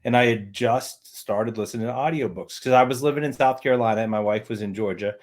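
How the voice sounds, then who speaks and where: A man's voice: mid-range voice, fast talker. A man, an author, chatting casually on a livestream and often repeating words as he thinks.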